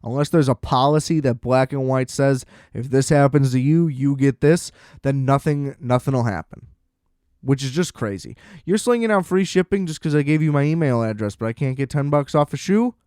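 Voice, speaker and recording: A man hosts a solo podcast and rants in an exasperated, profane way. He acts out sarcastic exchanges as he talks. His voice sits at a middle pitch, and the recording is dry and close, with no room sound. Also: lively intonation, normal speed, a little mellow, clear, resonant tone, no echo. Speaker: podcast host. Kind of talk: solo ranting monologue.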